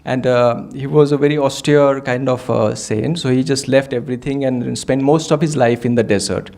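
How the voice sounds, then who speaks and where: A man leads a satsang, speaking in a gravelly, creaky voice. He is reflective and keeps asking his listeners rhetorical questions as he teaches. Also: mid-range voice, fairly even intonation, normal speed, darkish tone. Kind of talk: devotional talk. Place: meditation hall.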